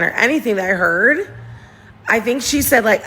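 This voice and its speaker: Woman livestream host, gossipy and giggly, rambling chat into a phone, slight vocal fry. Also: medium pitch, very animated, moderate pace, pushed and bright. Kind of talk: casual livestream chat to viewers.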